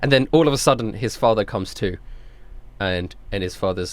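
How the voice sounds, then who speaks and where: A man's voice: lowish voice, fairly quick, no room sound. A man running a tabletop game as game master, narrating casually with hesitant fillers.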